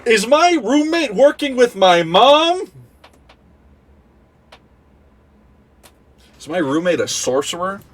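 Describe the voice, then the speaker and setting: A man voicing an anxious young woman philosopher who panics easily and turns shrill when startled, over background music. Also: expressive, moderate pace, fairly bright tone, no echo. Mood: incredulous.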